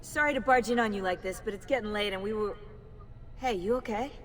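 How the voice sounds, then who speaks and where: A woman's voice: mid-range voice, a little fast, long reverb tail, slight background noise, close to an everyday voice. A woman playing a friendly, caring game teammate. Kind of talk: video game dialogue.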